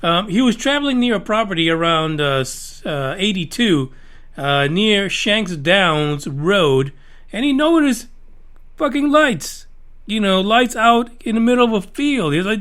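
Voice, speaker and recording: A man's voice: high voice, animated, unhurried, a bit bright. A middle-aged man hosting a podcast, talking casually in a rambling, jokey way, with a lot of swearing. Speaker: podcast host.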